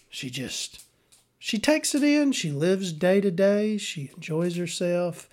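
A man's voice: high-pitched, expressive, takes it slowly, darkish tone. A man, hosting a podcast in a rambling, profane, sardonic monologue. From Southern US. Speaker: podcast host.

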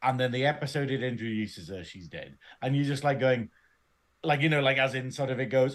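A man's voice: medium pitch, animated, a little fast. A man co-hosting a casual fan podcast, rambling and chatty, laughing easily and swearing freely. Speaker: podcast co-host. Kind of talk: casual chat.

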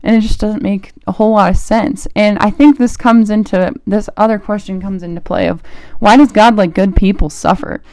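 A young college-age woman talks casually about her faith as a podcast host, chatty and animated, with lots of "like" fillers. Her voice is warm and mellow, and it is recorded close and dry. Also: medium pitch, dry recording. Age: young adult, college student. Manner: chatty and animated, full of "like" fillers, quick laughs.

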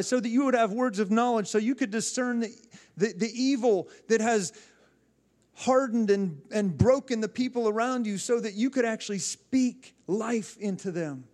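A man's voice: extremely high pitch, darkish tone. A male pastor preaching a sermon, fervently exhorting the congregation with calls and responses and often repeating and restarting his phrases.

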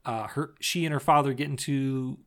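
A man co-hosting a podcast, casually retelling a TV episode scene by scene, slipping into quick quoted lines and laughing often. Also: mid-range voice, fairly even intonation. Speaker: podcast co-host. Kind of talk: casual chat recapping a TV episode.

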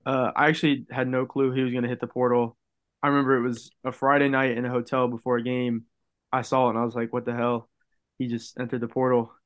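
A young man sits in on a podcast as the guest and talks casually. He tells his stories at an easy, relaxed pace and fills them with "like." His voice sits at an ordinary middle pitch for a man. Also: fast talker. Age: young adult. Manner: relaxed storytelling, heavy use of "like". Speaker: college football player guest.

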